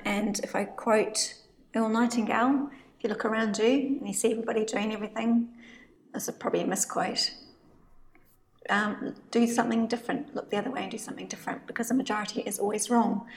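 A woman's voice: a little high, gravelly, a little hiss or hum, poor audio. An Australian woman co-hosting a casual podcast, talking chattily with lots of fillers and restarts as she gives salon business advice.

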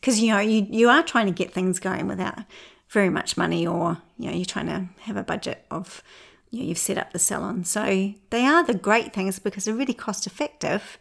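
A woman's voice: medium pitch, a little fast, creaky. A chatty woman co-hosting a podcast, telling stories freely and laughing easily. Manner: chatty, lively storyteller who laughs easily. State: recovering from illness. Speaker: podcast co-host. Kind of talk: casual chat.

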